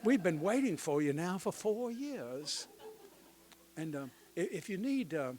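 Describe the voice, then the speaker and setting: A man's voice: sits high, big pitch swings, a little slow, darkish tone. A man putting on a fawning Southern townsman. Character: eager, ingratiating Southern townsman, adult man.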